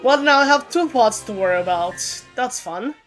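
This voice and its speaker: A woman's voice: a little high, expressive, moderate pace, a bit bright. A woman streamer chatting casually while playing a game, often stumbling and restarting her sentences. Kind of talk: casual gaming stream chat. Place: home streaming setup. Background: faint game music.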